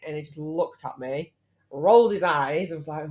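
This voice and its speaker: Low-voiced British woman hosting a podcast. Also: moderate pace, darkish tone. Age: 30s. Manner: chatty and teasing. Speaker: podcast host. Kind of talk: casual chat.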